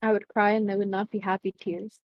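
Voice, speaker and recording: A woman's voice: mid-range voice, little pitch movement, fairly quick, dry recording, dull audio. A woman chatting on a podcast, candid and blunt, with lots of "like" fillers. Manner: candid, blunt, uses "like" a lot. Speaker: podcast co-host. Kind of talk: casual podcast chat.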